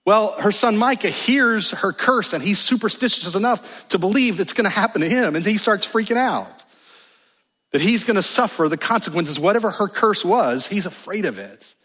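Husky-voiced preacher, lively and emphatic. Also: male voice, high-pitched, normal speed. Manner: animated, emphatic, with wry humorous asides. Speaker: pastor. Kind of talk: sermon. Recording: long reverb of a large hall.

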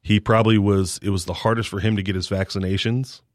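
Ministry guy telling a story, earnest and lively, deepish voice, dry sound. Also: fast, dry recording. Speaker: sports ministry leader. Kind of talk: storytelling in a faith interview.

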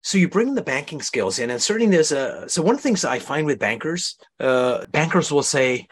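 A man's voice: on the high side, very animated, normal speed, slightly rough. A man hosting an interview podcast, explaining ideas in a coaching, demonstrative way. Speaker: host.

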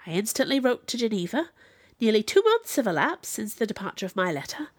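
A woman's voice: on the high side, big pitch swings, a little fast, dry recording, clean studio sound. Woman voicing a stern, formal female magistrate. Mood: grave.

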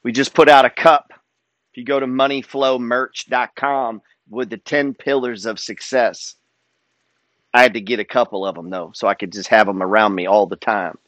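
A man's voice: mid-range voice, fairly even intonation, moderate pace, fairly bright tone, dry recording. A man giving a motivational monologue as a wealth and trading coach, emphatic and preacher-like, swearing freely.

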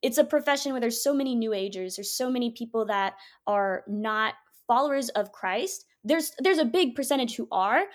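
A woman's voice: fairly high pitch, expressive, moderate pace, hardly any pauses. A woman giving an earnest, emphatic faith testimony as a podcast guest, full of "like" as she talks. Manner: earnest, emphatic storytelling with many "like"s.

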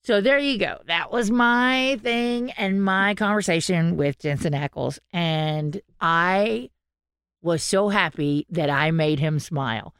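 Excitable woman telling stories. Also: on the low side, slow pace, smooth, no echo, studio quality. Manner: animated storytelling, acting out quotes. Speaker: podcast co-host. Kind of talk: casual podcast chat.

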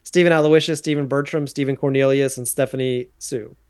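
A man's voice: mid-range voice, fairly even intonation, brisk, darkish tone, smooth. A man co-hosting a podcast, making jokey side remarks in casual chat. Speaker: podcast co-host.

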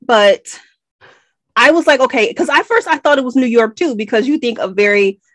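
An American woman chatting on a book podcast, her voice sitting a little on the high side. She picks apart details with animated, rambling asides. The sound is dry and close, with no room around it. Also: moderate pace, dry recording. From United States. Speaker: podcast co-host. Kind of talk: casual book-club chat.

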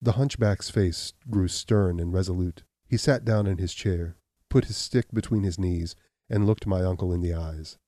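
A man reading a story aloud in an even, measured narration. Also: low-pitched, no echo, clean studio sound. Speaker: audiobook reader. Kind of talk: scripted narration.

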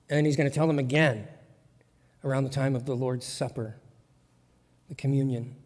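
A man's voice: mid-range voice, darkish tone. A man preaching a sermon as pastor, in an emphatic, conversational way with lots of repetition. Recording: long church reverb.

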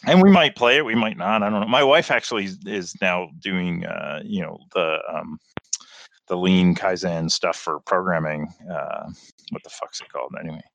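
A man co-hosting a casual round-table chat, full of fillers, quick to laugh and cut in. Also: deep voice, vocal fry, a bit bright, dry recording. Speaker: podcast co-host.

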